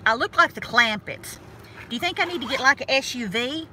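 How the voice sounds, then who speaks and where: With a high, bright, forceful voice, she sounds animated and a touch fast as she talks to viewers on the road. Her North Georgia Southern manner is folksy and self-mocking, and the phone or camera clipped to her visor also catches faint road and car noise.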